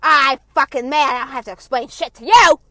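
A woman imitating her angry, sassy mother, snapping and shouting. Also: sits high, a little fast, voice pushed up. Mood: furious. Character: furious sassy middle-aged mother.

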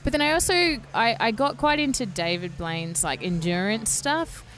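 A woman's voice: mid-range voice, lively intonation, moderate pace, fairly bright tone. A woman chatting casually on a podcast. She talks in loose, rambling sentences full of fillers, restarts and little laughs. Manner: chatty, lots of "like" and "you know".

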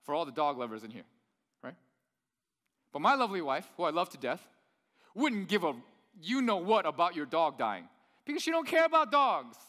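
A man's voice: fairly high pitch, sing-song, normal speed, long pauses, bright, forceful tone, long reverb tail. A man preaching a sermon in a conversational way, often putting rhetorical questions to the audience. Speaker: pastor.

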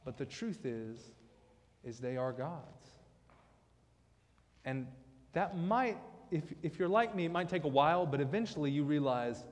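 A man's voice: on the high side, lively intonation, measured pace, pauses often, long reverb tail. A man preaching a conversational sermon with joking asides, as pastor of a church. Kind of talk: casual sermon. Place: church sanctuary.

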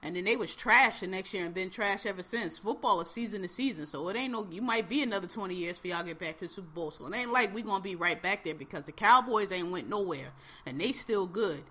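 A woman's voice: medium pitch, quick pace, sharp tone. A woman co-hosting a podcast, ranting casually and profanely in heated bursts. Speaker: podcast co-host. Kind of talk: casual chat.

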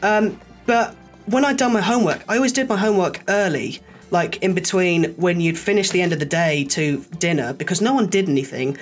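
A man telling stories in a casual chat, lively and acting out the people he quotes. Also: sits high, fairly quick, faint music behind. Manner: animated storyteller, acts out quoted voices.

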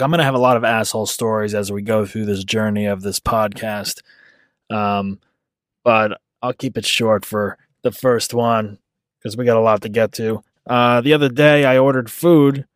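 A man's voice: mid-range voice, no room sound, clean studio sound. Rambling storytelling podcast host man. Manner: rambling, self-deprecating storytelling. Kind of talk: casual monologue.

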